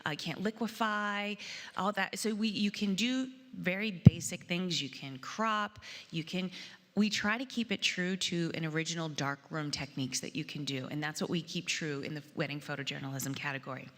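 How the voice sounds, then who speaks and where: A woman's voice: fairly low pitch, normal speed, a bit bright. Chatty woman host in a reverberant hall. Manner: chatty, with fillers and restarts. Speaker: competition host. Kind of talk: live event presentation.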